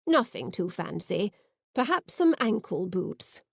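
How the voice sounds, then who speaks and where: A woman's voice: mid-range voice, very animated, a little slow, creaky, husky, dry recording, heavily acted. A woman voicing an elderly great-grandmother who asks pointed, demanding questions.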